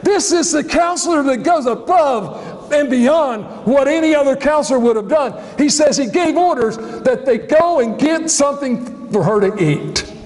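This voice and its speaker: A man preaching a sermon as a pastor, telling the story in an animated way and acting out the scene. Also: very high voice, normal speed. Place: church. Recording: long church hall reverb.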